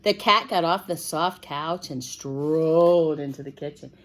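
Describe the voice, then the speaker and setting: A woman reading a picture book aloud to children in a gentle, expressive way, stopping to ask the listener questions. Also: sits low, a little slow.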